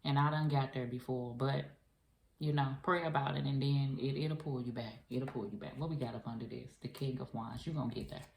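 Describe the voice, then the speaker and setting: Low-voiced woman doing a casual tarot reading. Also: steady tone, brisk, creaky, darkish tone, roomy sound. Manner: chatty, profane, emphatic, repeats herself. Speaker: tarot reader.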